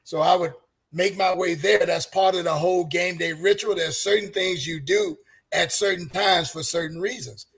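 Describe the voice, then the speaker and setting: An older man with a high voice telling earnest stories as a guest on a fan roundtable. He ends up preaching a little, handing out encouragement. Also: steady tone, normal speed, gravelly, fairly bright tone, slightly rough. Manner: earnest, preachy, gives advice. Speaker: guest, longtime super fan. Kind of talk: casual storytelling.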